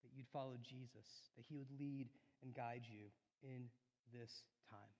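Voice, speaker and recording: A man preaching a sermon in a church, telling a personal story earnestly, rising loud and then dropping soft. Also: medium pitch, fairly even intonation, unhurried. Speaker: pastor. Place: church sanctuary. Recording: long hall reverb.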